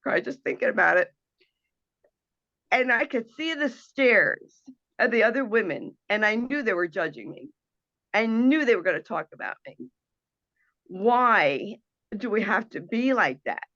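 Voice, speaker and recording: A woman's voice: fairly high pitch, very animated, a little slow, fairly bright tone, no echo, muffled recording. A woman hosting an internet radio talk show, speaking in an earnest, emotional and impassioned monologue over a video call.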